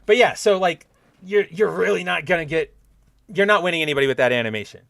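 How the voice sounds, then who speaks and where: A man hosting a casual review show, animated and profane, acting out scenes in mock voices. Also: fairly high pitch, fast talker, creaky, no echo. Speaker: podcast host.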